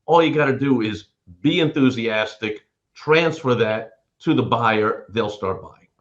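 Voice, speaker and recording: A man's voice: mid-range voice, unhurried. A man on a panel speaking earnestly and encouragingly. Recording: muffled lo-fi audio.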